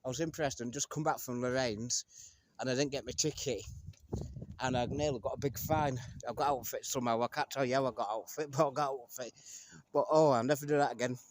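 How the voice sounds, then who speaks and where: A man's voice: mid-range voice, fairly even intonation, fairly quick, no room sound. A man from England chatting and joking to the camera as he walks through town streets. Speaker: vlogger. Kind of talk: casual walking vlog narration.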